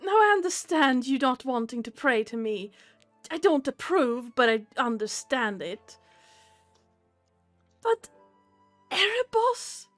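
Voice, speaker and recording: A haughty goddess, as a woman puts her on for a tabletop game, lectures her wayward mortal child in a high, unhurried voice. She is pompous and condescending, every word dripping with disapproval. The sound is dry and close, with faint music under it. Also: big pitch swings, fairly bright tone, dry recording, full character voice. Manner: scolding, condescending.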